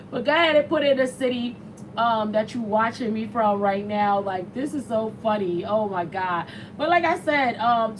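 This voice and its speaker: Brief: woman host, chatty and slangy, slightly high voice, faint noise behind. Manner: chatty and animated, slangy, reads viewer comments aloud. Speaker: morning show host. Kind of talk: casual talk show chat.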